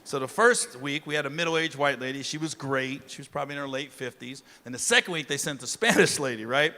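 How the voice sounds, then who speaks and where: A middle-aged man doing a stand-up comedy set, loud and profane, with shouted punchlines. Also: medium pitch, a little fast. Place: comedy stage before a live audience. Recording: loud crowd and noise of a live club show. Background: audience laughter.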